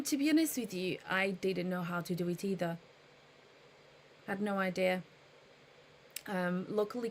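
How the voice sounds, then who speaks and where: Woman, live streamer, unhurried pace, relaxed, thinks out loud, patient explainer. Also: medium pitch, a little hiss or hum. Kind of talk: casual live-stream chat.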